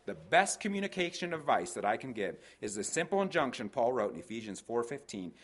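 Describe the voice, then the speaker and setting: A man's voice: fairly low pitch, expressive, brisk, few pauses. An older man preaching a sermon on marriage, telling folksy stories with hesitant restarts and quoting voices.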